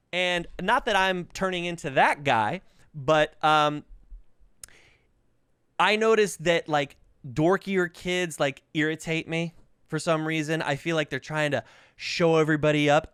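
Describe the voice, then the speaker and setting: Coughing from covid, a podcast host in his thirties tells funny stories in casual, foul-mouthed chat. His voice is smooth, a little high, and a little slow, recorded in studio quality with no echo. He's lively and mimics voices when quoting.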